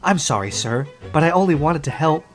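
A man voicing an eager, humble little old male tram engine, excitable and breathless, over background music. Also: fairly high pitch, fairly quick, pitched above the performer's own voice, close to an everyday voice.

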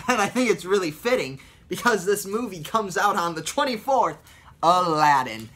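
A man's voice: high voice, big pitch swings, normal speed, bright, forceful tone. A young man chatting casually about voice impressions, rambling and explaining with many fillers. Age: young adult. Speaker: vlogger doing voice impressions. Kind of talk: casual chat.

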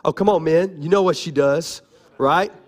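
Lively man pastor preaching a sermon. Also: on the high side, normal speed. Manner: animated, calls out to the congregation, playful.

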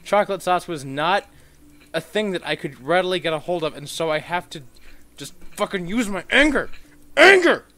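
Male gameplay commentator, fairly high voice, foul-mouthed and melodramatic, ranting. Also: fairly quick. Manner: swearing, mock-outraged rants with sudden shouts.

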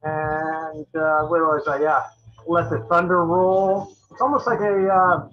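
A channel host reviewing albums runs casually through the ones he owns, with a metal fan's enthusiasm. He talks loosely and ramblingly, full of fillers and restarts, in a highish, steady voice at a slow pace. The recording is dull and lo-fi.

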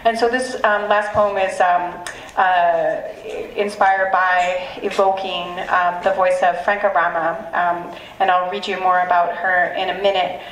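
A woman's voice: lowish voice, level tone, fairly bright tone. Woman poet speaking hesitantly in echoey room. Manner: hesitant, halting and emotional. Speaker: poet introducing her work. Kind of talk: live poetry reading remarks. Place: live reading event in a room. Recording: echoey room, mic at a distance, faint ambience.

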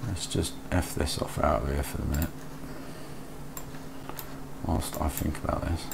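Male streamer, deep voice, easygoing chat with viewers, thinks aloud, faint background noise. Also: steady tone, a little slow, vocal fry. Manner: chatty, reads and answers chat aloud, mutters while working. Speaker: live streamer. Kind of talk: casual live-stream chat while building in a game.

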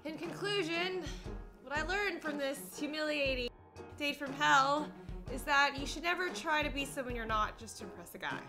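Sarcastic woman vlogger talking to camera, high voice jumping around, music behind. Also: expressive, moderate pace. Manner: playful, sarcastic, giggly asides. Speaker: comedy vlogger. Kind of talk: comic sketch narration to camera.

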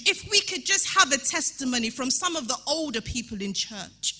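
A woman preaching a sermon in a church, emphatic and repetitive, rising at times to shouting. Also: sits high, very animated, normal speed, hardly any pauses. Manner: emphatic, repeats rhetorical calls, rises to shouting.

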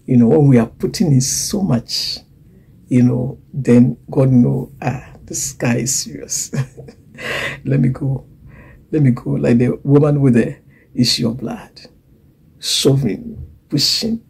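Gravelly, husky woman preaching a sermon. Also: a bass voice, slow pace, pauses often, rough recording. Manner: dramatic swings between loud emphasis and hushed whispers; acts out quoted voices and laughs between points.

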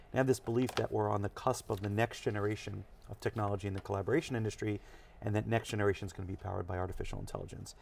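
A man with a gravelly, fairly low voice talks through technology ideas in quick, energetic bursts. He is a guest in a studio interview, explaining things at length. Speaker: chief technology officer, guest.

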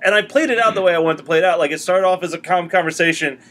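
A man hosting an interview podcast, telling stories casually with an animated, laughing manner. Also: sits high, very fast. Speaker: podcast host.

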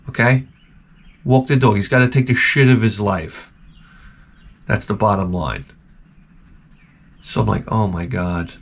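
A man hosting a video, telling a rambling, profane story full of restarts and acting out quoted people in a higher voice. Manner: jumps up in pitch to act out quoted people. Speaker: video host. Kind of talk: casual rambling anecdote.

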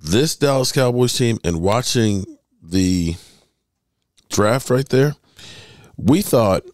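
A man's voice: medium pitch, lively intonation, slow pace, darkish tone, no room sound, studio quality. A man hosting a sports podcast, talking emphatically in solo commentary and stretching words for emphasis.

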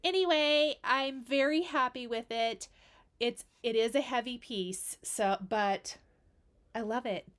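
A woman's voice: fairly high pitch, takes it slowly, a bit bright. A woman hosting a cross stitch video, chatting casually and gushing over her finished pieces, repeating words for emphasis. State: has the hiccups. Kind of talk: casual show-and-tell chat.

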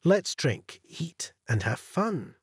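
A man's voice: on the high side, very animated, slow pace, husky, dry recording, studio quality, voice pushed up, full character voice. A man voicing a stern older male company president who speaks firmly and formally.

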